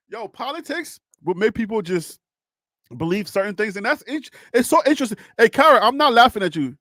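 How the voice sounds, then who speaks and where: A man's voice: high voice, lively intonation, moderate pace, fairly bright tone, no echo. A man hosting a casual political discussion, laughing often, talking straight to one person and walking through things step by step. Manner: addresses a caller or chatter directly. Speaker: host.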